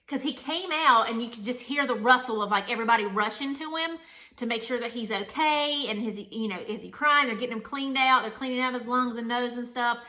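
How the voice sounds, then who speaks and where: A woman's voice: fairly high pitch, brisk, bright, forceful tone. A young woman vlogger telling her own story in an earnest, rambling way, with lots of "like" fillers. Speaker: vlogger, new mother. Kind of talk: candid personal storytelling.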